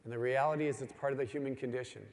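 A man's voice: medium pitch, fairly even intonation, racing, darkish tone. A middle-aged man preaching to a gathering of men, telling stories with earnest emphasis. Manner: earnest storytelling with rising, pleading emphasis. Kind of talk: sermon to a men's gathering. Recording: long hall reverb.

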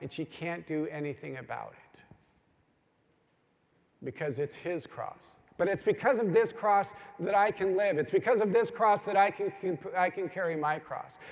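Gravelly yet sitting high, this middle-aged man's voice moves at a moderate pace with lively intonation. Preaching to a gathering of men in a hall with long reverb, he tells stories earnestly, his emphasis rising and pleading.

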